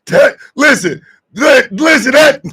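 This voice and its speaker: A man hosting a radio show, shouting and mocking in loud comedic commentary. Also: very high-pitched, takes it slowly, breathy edge. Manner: shouting, mocking, excitable riffing.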